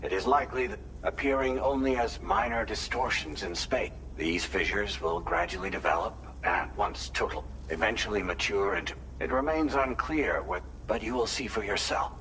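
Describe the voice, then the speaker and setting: A man's voice: fairly low pitch, normal speed, few pauses, a bit bright, a little hiss or hum, close to an everyday voice, poor audio. An actor playing a male scientist who explains strange phenomena in a video game cutscene.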